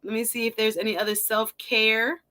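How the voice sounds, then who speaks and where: A middle-aged woman hosting a casual livestream, chatting warmly with viewers, greeting them by name and laughing often. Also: a little high, little pitch movement, normal speed. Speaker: livestream host.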